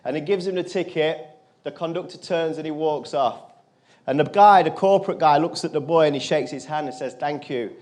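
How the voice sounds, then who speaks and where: A man giving a motivational keynote, telling a personal story to a live audience and turning quiet in the emotional moments. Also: fairly high pitch, fairly quick. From England. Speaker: motivational speaker. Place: conference stage.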